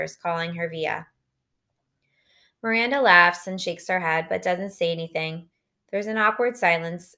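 A woman narrating an audiobook in first person. Her voice is a little low for a woman, and she reads in a steady, reflective way.

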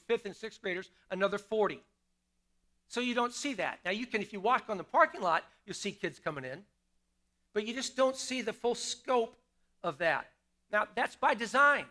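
A middle-aged male pastor preaching in a church, with a fairly high voice for a man. His tone is bright and forward. He keeps it conversational, putting questions to the congregation and repeating his key lines. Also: lively intonation, moderate pace. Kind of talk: sermon. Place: church sanctuary.

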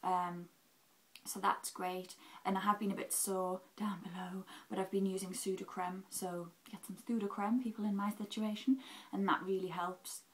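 A woman's voice: medium pitch, fairly even intonation, moderate pace, low-quality recording. A young woman from England giving a chatty, candid vlog update about her recovery, full of "um"s and acted-out quotes. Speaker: vlogger. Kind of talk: casual health update vlog.

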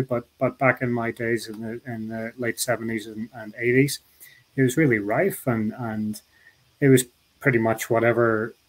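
A man's voice: mid-range voice, darkish tone, rough recording. Man, Northern Irish accent, middle-aged, interview guest, rambling, restarts a lot. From Northern Ireland. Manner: rambling, many restarts and "you know" asides. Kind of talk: casual interview talk.

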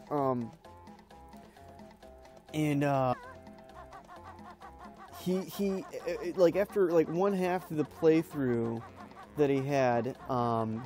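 A man's voice: on the high side, darkish tone. A young man giving casual commentary over a game, rambling, swearing and yelping at what happens on screen. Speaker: gameplay commentator. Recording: faint music under the voice.

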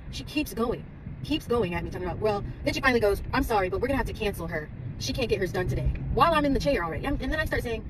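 A woman's voice: medium pitch, lively intonation, rapid-fire. A young woman telling a story in a casual vlog while she drives, chatty and growing more frustrated as she goes. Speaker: vlogger. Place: in a car while driving. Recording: faint road noise from a moving car.

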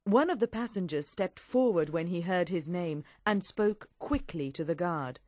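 A woman reading a story aloud in a clear, steady audiobook narration. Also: lowish voice, normal speed, no echo, clean studio sound.

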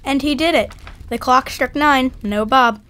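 A woman reading narration in a measured, deliberate manner at a church event. Her voice is fairly high. The delivery is calm and steady. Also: clear, resonant tone. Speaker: reader.

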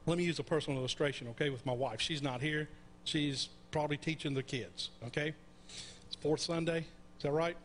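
A man's voice: a little high, steady tone, brisk, slight background noise. A middle-aged man preaching a conversational sermon, often checking in with the congregation with questions. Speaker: pastor. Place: church sanctuary.

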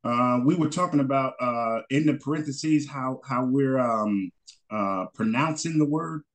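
A man from North Carolina answering a question in an online class, halting with many fillers and restarts. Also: mid-range voice. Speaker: assistant teacher.

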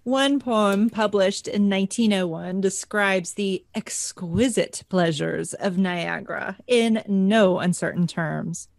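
A woman co-hosting a history podcast, narrating sources in a lively, easy-laughing manner with fillers. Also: mid-range voice, slow pace, creaky, hardly any pauses, dry recording. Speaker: podcast co-host.

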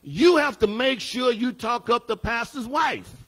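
A pastor leads a Bible study in a high, light voice. He talks slowly and emphatically, circling back to repeat his lines. Now and then he builds up to a shout. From Southern United States. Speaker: pastor teaching a Bible class. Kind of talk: preaching Bible study lesson.

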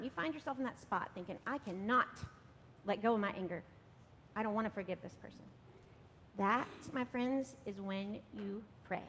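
A woman leading a children's message in church, coaxing and gentle, often checking in with "right?". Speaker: children's sermon leader. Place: church sanctuary. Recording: long reverb, faint rumble.

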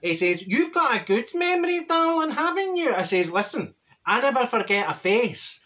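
A man's voice: very high voice, sing-song, normal speed, pushed and bright, exaggerated voice. Man doing a chatty older Glasgow woman, Glaswegian Scottish accent, gossipy, laughing, comic monologue. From Glasgow, Scotland. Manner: gossipy, cheeky storytelling with frequent laughs. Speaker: comedy character host.

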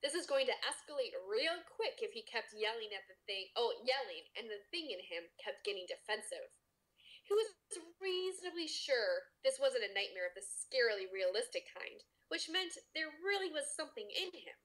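A woman co-host reads erotic fiction aloud for a podcast. Her voice sits a little high and swings around a lot. She reads with expression and slips into playful teasing of her co-host. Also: sing-song, moderate pace, fairly bright tone, poor audio. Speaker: podcast co-host and story reader. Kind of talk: reading erotic fiction aloud with casual banter.

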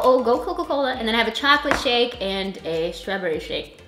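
Giggly, bright-voiced woman vlogger. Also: fairly high pitch, animated, fairly quick. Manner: giggly, chatty, rambling. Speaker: vlogger host. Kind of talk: casual chat while eating. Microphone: camera filmed by a friend. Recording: echoey room with faint music.

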